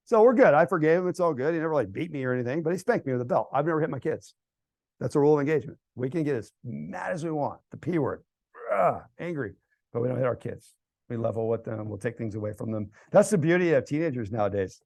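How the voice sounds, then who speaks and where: A middle-aged American man speaking casually to a church group, telling stories that build to loud, animated outbursts. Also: medium pitch, fast, vocal fry, dry recording. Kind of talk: casual storytelling talk to a group. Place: church hall event.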